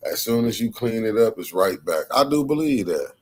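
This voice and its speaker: A man's voice: fairly low pitch, sing-song, brisk. A man from Michigan co-hosting a casual talk show, giving blunt and fired-up opinions. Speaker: co-host. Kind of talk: casual chat.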